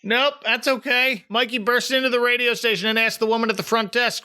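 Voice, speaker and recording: A man's voice: very high-pitched, brisk, hardly any pauses, sharp tone. A man from southern New Jersey hosting a podcast, casually recapping a cartoon episode in a chatty way. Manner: chatty, recaps scenes and acts out quotes. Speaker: podcast host.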